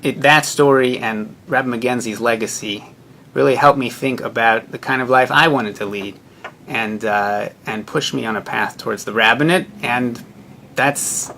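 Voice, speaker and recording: An earnest young man, a rabbinical student, tells a personal story in a measured, reflective way. His voice is bright and clear, sitting at an ordinary pitch for a man. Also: slight background noise.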